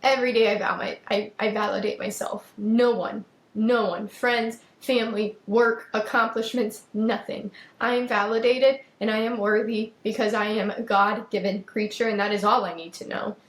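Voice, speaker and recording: A woman's voice: mid-range voice, steady tone, normal speed, few pauses, reverberant, low-quality recording. A young adult woman hosting a podcast, talking emphatically about self-worth, repeating phrases and speaking straight to her listeners. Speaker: podcast host. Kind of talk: personal monologue on self-worth.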